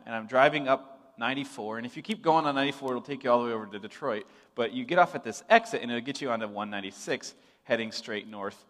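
A young man from Michigan preaching a sermon, telling a self-deprecating story in a lively storyteller's way. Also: mid-range voice. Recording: reverberant hall.

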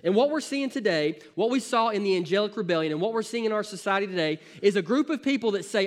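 A man's voice: high-pitched, lively intonation, fast talker, hardly any pauses. A man, a pastor, preaching a sermon with an emphatic, repetitive cadence.

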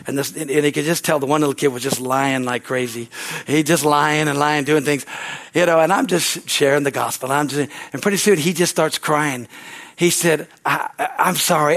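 A man preaching as pastor, rambling and repeating words, often calling out amen. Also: fairly high pitch. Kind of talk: sermon.

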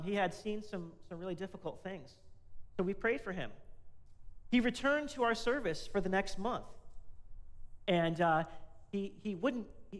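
A man, a pastor, giving a conversational sermon and asking the congregation questions. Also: high-pitched.

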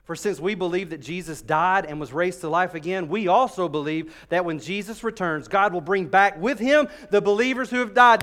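High-voiced preacher. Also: male voice, normal speed, few pauses. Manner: animated preaching, shifting from loud emphasis to soft intimacy. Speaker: pastor. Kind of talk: sermon.

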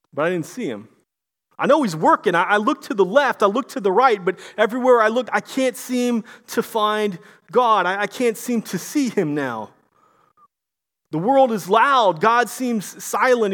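An earnest sufferer calls out to a God he cannot find, as a preacher puts him on. The voice sits high and pleads, stumbling over repeated words. It stays close to an everyday speaking voice. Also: husky, full character voice.

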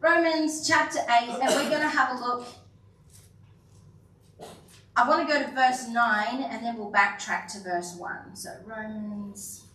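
A woman's voice: a little high, fairly even intonation, measured pace, pushed and bright. A woman pastor delivering a sermon in an earnest, storytelling manner with self-deprecating asides. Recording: echoey church hall, voice from a distance, faint room hum.

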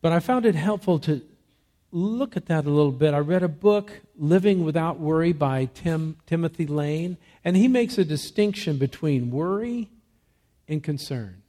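A man's voice: fairly high pitch, expressive. Man preaching a dynamic sermon. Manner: swings from soft, slow emphasis to loud, rising exhortation; asks rhetorical questions and answers them. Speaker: pastor.

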